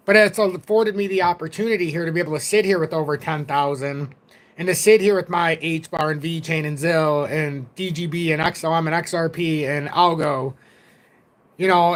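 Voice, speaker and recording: A middle-aged man with a fairly high voice hosts a casual livestream. He rambles in a blunt, chatty way, swearing now and then and thanking viewers by name. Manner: rambling, blunt, swears, reads donations aloud. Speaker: crypto livestream host.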